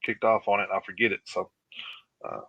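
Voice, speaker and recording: A man co-hosting a casual live radio show, reading out a list with many pauses and fillers. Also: lowish voice, very animated, gravelly, breathy edge, no echo, dull audio. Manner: halting, filler-heavy reading of lists.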